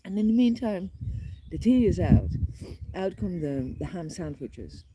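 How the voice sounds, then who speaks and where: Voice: mid-range voice, unhurried, heavy background noise. A traveling harpist telling a casual, rambling story in a vlog, acting out the voices of the people they met. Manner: rambling, animated, acts out voices in quoted dialogue; frequent restarts and fillers, chuckles while telling. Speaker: traveling harpist on a long walk.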